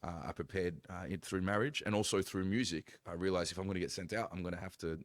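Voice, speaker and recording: A man, a pastor, telling his story in casual chat, animated, acting out quoted lines with big jumps in voice. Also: low voice, fast, no room sound.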